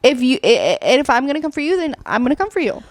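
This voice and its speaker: Bold high-voiced young woman co-host. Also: sing-song, very fast, no echo. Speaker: podcast co-host. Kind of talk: casual chat.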